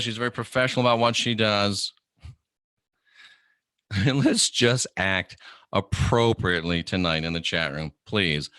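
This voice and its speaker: A middle-aged man hosting a livestream, delivering an animated, preachy monologue and mimicking the people he quotes. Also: medium pitch, clear, resonant tone, no echo, studio quality. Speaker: host of an online channel.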